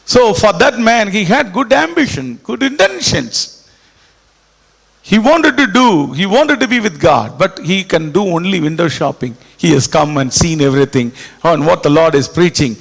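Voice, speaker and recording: A man delivers a sermon, repeating phrases and dropping suddenly to a hush. His voice sits slightly high and turns gravelly. Long reverb rings around him in a large hall. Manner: animated, repetitive preaching with sudden quiet drops. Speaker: preacher.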